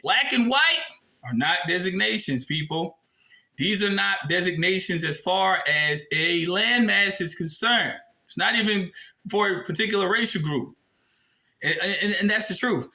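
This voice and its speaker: Blunt, high-voiced man explaining a form. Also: expressive, unhurried, bright, forceful tone, rough recording. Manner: blunt, emphatic and profane, with rhetorical questions. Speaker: video presenter. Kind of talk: casual explainer reading from a form.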